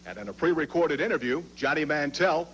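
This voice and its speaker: A man's voice: fairly high pitch, lively intonation, fairly quick, a bit bright, dull audio, slight background noise. A man reading scripted promotional announcements for a televised wrestling show.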